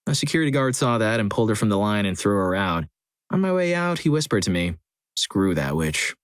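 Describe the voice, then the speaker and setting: Male narrator with a low voice and a dry, close sound, reading scripted stories at a steady pace. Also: quick pace, clean tone, no room sound. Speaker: story channel narrator.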